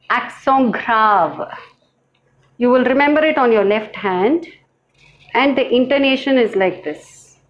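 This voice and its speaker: A woman teaching a language lesson, speaking slowly and carefully, repeating each word for her learners. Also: on the high side, muffled recording. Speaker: French teacher. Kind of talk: slow classroom lesson.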